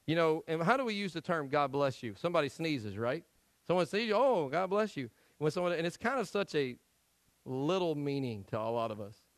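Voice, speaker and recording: Man preaching a lively church sermon. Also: fairly high pitch, brisk, no room sound, poor audio. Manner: animated storytelling, acts out quoted voices; swings between loud emphasis and quiet asides. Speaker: pastor. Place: church sanctuary.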